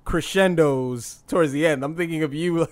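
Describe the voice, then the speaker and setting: A man's voice: a little high, moderate pace. A man co-hosting a podcast, teasing his partner in a dry, sarcastic way. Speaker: podcast co-host. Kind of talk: casual podcast banter.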